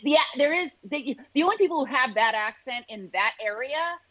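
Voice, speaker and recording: Woman, co-host, animated and teasing, casual chat, dull lo-fi sound. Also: high-pitched, moderate pace, no room sound.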